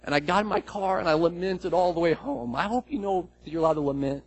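A man preaches a sermon to his congregation, shifting into acted-out dialogue as he tells a story. His voice sits a little high for a man and has a husky edge. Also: quick pace, low-quality recording. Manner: animated storytelling, acts out quoted dialogue. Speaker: pastor.

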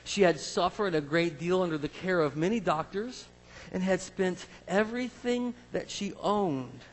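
Husky high-voiced pastor guy preaching, acts out the bible bits. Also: unhurried, big-room sound, rough recording. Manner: animated, acts out scripture scenes. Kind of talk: sermon.

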